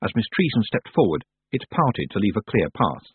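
A man narrating an audiobook in an expressive storytelling manner, recorded on dry, tinny, phone-like audio. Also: fairly low pitch, normal speed, slightly rough, dry recording. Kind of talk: audiobook reading.

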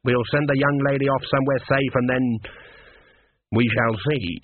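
A man's voice: medium pitch, steady tone, moderate pace, no room sound, natural voice. A man reading aloud, voicing a commanding old witch with a stern, decisive manner. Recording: tinny phone-like dry sound.

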